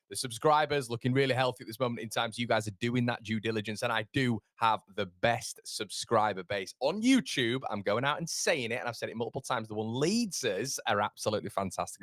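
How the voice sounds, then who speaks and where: A man's voice: medium pitch, fairly bright tone, no room sound, clean studio sound. A young man hosting a live football transfer chat, chatty and cheeky as he reads out viewer comments. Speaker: host.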